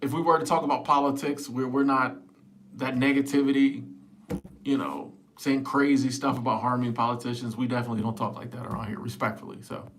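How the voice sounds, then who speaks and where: A relaxed middle-aged man chats through a livestream at a mid pitch. He sounds easygoing and laughs often, tripping over repeated words as he reacts to comments. Faint background noise sits under his clip-on mic. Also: a little fast. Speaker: livestream host. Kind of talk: casual livestream chat reading viewer comments. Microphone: small clip-on wireless mic.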